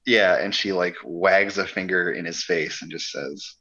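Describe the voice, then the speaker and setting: A man's voice: deep voice, measured pace, hardly any pauses, bright, forceful tone, muffled recording. A man taking part in a tabletop game as a player, describing his moves in a laid-back way.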